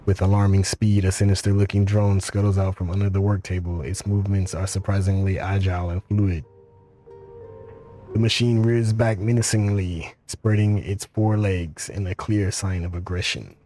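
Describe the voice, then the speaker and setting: A man reading a video game's text aloud, slowly and with some stumbles. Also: low voice, flat delivery, mellow, soft background music. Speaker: game reader.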